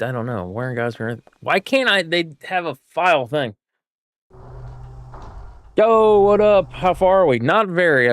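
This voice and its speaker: A man's voice: medium pitch, fairly bright tone, no room sound. A man streaming a game, chatting with viewers and thinking aloud as he works through a puzzle. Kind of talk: casual live gameplay chat.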